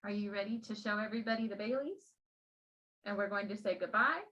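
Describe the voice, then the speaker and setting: A woman of ordinary pitch leads a classroom demonstration for other teachers. She talks patiently and gently, steadying a child beside her as she explains. The sound is a little muffled and lo-fi. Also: fairly quick. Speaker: teacher trainer.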